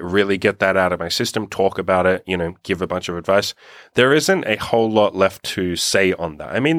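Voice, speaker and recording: A young man coaching on dating in a loose, unscripted monologue. He speaks bluntly, swears often and restarts his thoughts as he goes. His voice sits very low and sounds dry, with no room around it. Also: fairly bright tone, dry recording. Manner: blunt, swears freely, thinks aloud with restarts. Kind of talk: casual advice monologue.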